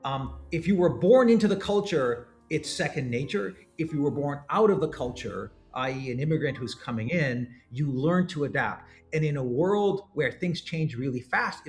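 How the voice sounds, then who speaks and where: Animated male startup founder, guest. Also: on the high side. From Canada. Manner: animated, repeats and restarts words. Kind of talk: storytelling interview talk.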